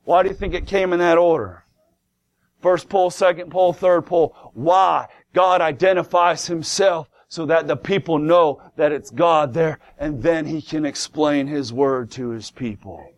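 Emphatic preacher with a raised voice. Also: male voice, on the high side, moderate pace. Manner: emphatic, rhetorical questions, repeats words. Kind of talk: sermon. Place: church before a congregation.

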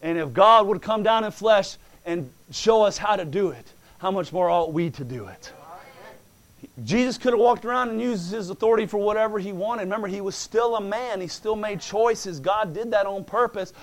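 Gravelly high-pitched man preaching. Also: normal speed. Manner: building from quiet talk to fervent shouted preaching. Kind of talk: sermon.

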